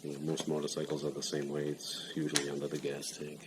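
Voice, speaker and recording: In a loud home garage, a middle-aged home mechanic demonstrates a motorcycle repair, describing each step plainly while his hands stay busy. His very low voice is monotone and quick, and heavy breathing runs throughout this casual how-to.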